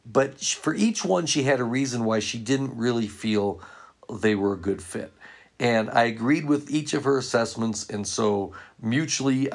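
A man's voice: on the low side, gravelly. A man who leads church ministry, telling earnest stories to fellow ministry workers. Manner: earnest anecdotal storytelling. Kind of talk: storytelling talk to ministry workers.

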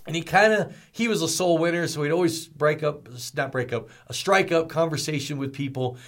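Gravelly, upbeat man hosting a podcast. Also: on the high side, fairly quick. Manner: energetic, storytelling, folksy asides. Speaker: ministry podcast host. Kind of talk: motivational podcast talk.

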